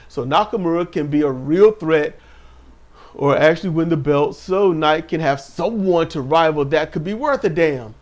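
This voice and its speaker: A man's voice: on the high side, darkish tone. A man giving a casual, sarcastic recap of a wrestling show, mocking the wrestlers with put-on voices. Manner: sarcastic, mocking impressions in a raised voice.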